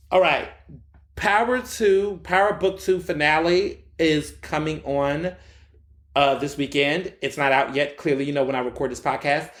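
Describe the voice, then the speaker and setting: A man hosting his own podcast, chatting in an animated, slangy way and speaking straight to his listeners. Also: medium pitch, roomy sound. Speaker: podcast host. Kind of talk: casual solo commentary.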